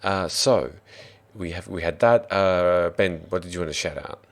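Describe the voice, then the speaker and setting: This Australian man has a deep voice and speaks at a normal speed while hosting a tabletop game stream as dungeon master. His casual chat is upbeat and rambling, and he restarts his sentences often.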